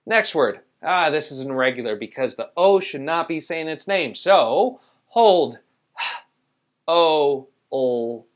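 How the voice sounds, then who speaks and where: A man's voice: fairly high pitch, lively intonation, a little fast, hardly any pauses, fairly bright tone. A man teaching a spelling lesson, patiently explaining rules and sounding out each letter. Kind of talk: spelling tutorial.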